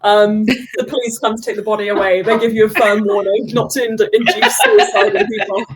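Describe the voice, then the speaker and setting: A woman's voice: on the high side, lively intonation, a little fast, slight background noise, poor audio. A woman runs a tabletop game with wry, laughing narration. She plays contrary for fun and talks casually among friends. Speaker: game master.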